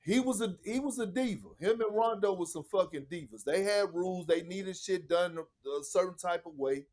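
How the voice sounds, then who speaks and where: A man guesting on a podcast, telling locker-room stories in a casual, animated and profane way, often acting out what others said. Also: sits high, normal speed. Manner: animated, profane, acts out quotes. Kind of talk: casual storytelling.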